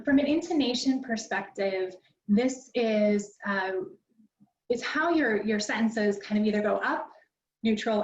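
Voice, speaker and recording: Woman, presentation coach, conversational lecture, dull muffled sound, medium pitch. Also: recorded from a distance. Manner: conversational and instructive, peppered with ums. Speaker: presentation skills instructor. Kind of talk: online library workshop lecture. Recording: dull, roomy sound from away from the mic.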